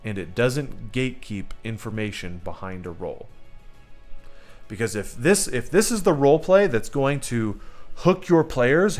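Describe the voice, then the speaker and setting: A man's voice: medium pitch, expressive, a little slow, soft background music. A man hosting a livestream who gives tabletop game-master advice, emphatic and rambling, talking straight to his viewers. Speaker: host teaching game masters.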